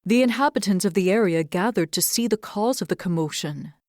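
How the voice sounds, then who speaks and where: A young adult woman hosting a podcast, reading fairy tales aloud and reflecting on faith in an earnest, expressive way. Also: medium pitch, brisk, dry recording, studio quality. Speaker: podcast host and storyteller. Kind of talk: storybook narration and devotional reflection.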